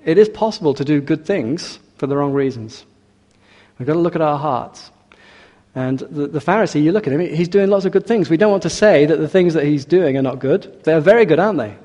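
A man's voice: on the high side, lively intonation, fairly quick, dark tone. A man preaching a sermon in an earnest way, with rhetorical questions and hesitant restarts. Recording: long hall reverb.

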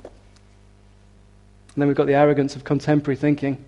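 Emphatic male preacher, slightly high voice. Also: monotone. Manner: emphatic, rising to forceful declarations; reads scripture aloud with slow weight. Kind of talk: sermon.

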